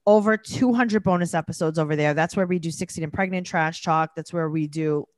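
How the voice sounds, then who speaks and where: A woman co-hosting a casual podcast, joking and sarcastic in quick back-and-forth chat. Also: sits low, dry recording, clean studio sound. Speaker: podcast co-host.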